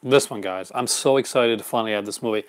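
A man's voice: mid-range voice, quick pace, background noise. A man hosting a live unboxing stream in casual chat, rambling and chuckling often. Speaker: host.

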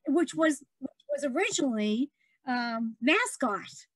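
Middle-aged woman, guest storyteller, animated and laughing, high-ish voice, dry close sound. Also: a little slow, no echo. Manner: animated, laughs often, acts out quoted people. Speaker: guest entrepreneur. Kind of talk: casual conversational storytelling.

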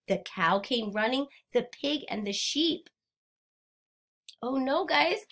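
Woman teacher, unhurried picture-book read-aloud, invites the kids to join in. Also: fairly high pitch, lively intonation, a bit bright. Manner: interactive, prompting children to join in.

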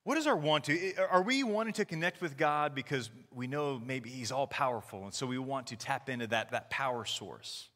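Pastor, 30s, male, relaxed storytelling sermon, bright tone, long church reverb. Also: mid-range voice, normal speed, hardly any pauses. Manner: conversational, storytelling with animated quoted voices. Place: church sanctuary.

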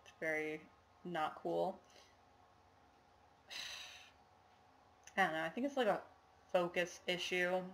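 Chatty woman with a gravelly voice. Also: on the low side, slow pace, long pauses, fairly bright tone. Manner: rambling, chatty, many fillers and apologies. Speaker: cross-stitch vlogger. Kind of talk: casual show-and-tell chat.

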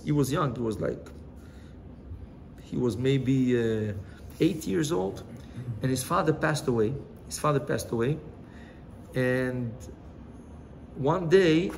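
A man teaching as a rabbi in a relaxed, chatty way, telling stories and asking his listeners questions. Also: medium pitch, gravelly, slight background noise. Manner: chatty, asks the listeners questions, mixes in Hebrew phrases. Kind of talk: informal Torah lesson with storytelling.

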